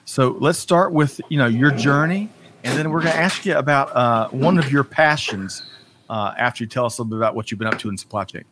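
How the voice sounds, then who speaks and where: A man's voice: mid-range voice, fairly quick, noisy background. A man hosting a live talk show, greeting viewers by name in an upbeat way with a few stumbles. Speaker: host.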